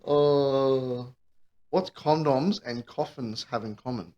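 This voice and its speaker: A man's voice: mid-range voice, takes it slowly, warm tone, dull audio. A man co-hosting a podcast, trading one-liners and swearing casually. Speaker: podcast co-host. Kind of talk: casual banter.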